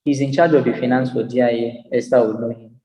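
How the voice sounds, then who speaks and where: A man's voice: medium pitch, steady tone, fast, mellow. A man giving a motivational lecture as a business psychologist, emphatic and repetitive, with a preacher-like cadence. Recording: long hall reverb.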